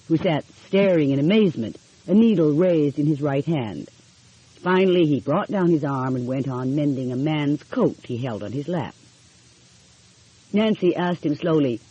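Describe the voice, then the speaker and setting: A woman's voice: sits low, dark tone, slightly rough, no room sound, muffled recording. A woman narrating a mystery audiobook in a cozy storytelling manner.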